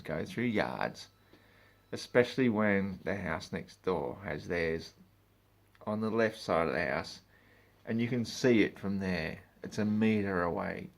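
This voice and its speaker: A man's voice: low-pitched, gravelly. A man, ranting in a vlog about his work as a meter reader, swearing and exasperated.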